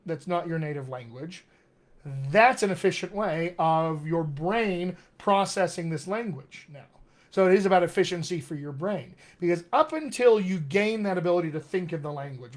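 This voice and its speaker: A man teaching as a dialect coach on a live video stream, talking conversationally, often checking in with "all right?" and calling viewers his friends. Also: high voice. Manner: slows down to stress key words. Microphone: webcam or computer mic on a live video stream.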